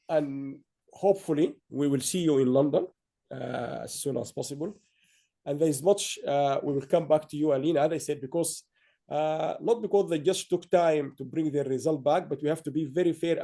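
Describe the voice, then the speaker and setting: A man hosting an online awards ceremony. His voice sits high and is gravelly, with a dark, mellow tone. He rambles warmly through praise and stops to restart his sentences. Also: fairly quick. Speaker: awards host.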